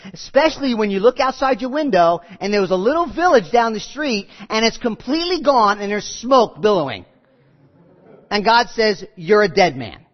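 A man preaching a sermon, telling stories with quoted voices and lively asides. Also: high voice. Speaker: pastor. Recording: muffled audio with long hall reverb.

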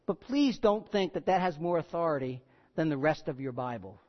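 A man delivers a sermon with a high-pitched voice. He hammers key words, then sinks quiet and low. The sound is muffled and rings with a long hall reverb. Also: lively intonation, normal speed. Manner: emphatic, building to loud peaks then dropping low. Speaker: pastor.

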